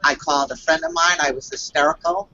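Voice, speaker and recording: A woman who works as a psychic reader tells a personal story on a video call, halting and earnest, with many fillers and restarts. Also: low-pitched, fairly even intonation, sharp tone, lo-fi sound.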